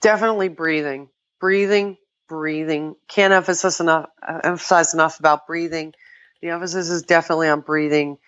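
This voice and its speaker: An older woman, a podcast guest, chatting casually and telling lively stories, often quoting herself and laughing. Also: low-pitched, a little fast, dull audio. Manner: animated storytelling, quotes herself, laughs often. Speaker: podcast guest, kettlebell sport athlete. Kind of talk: casual interview chat.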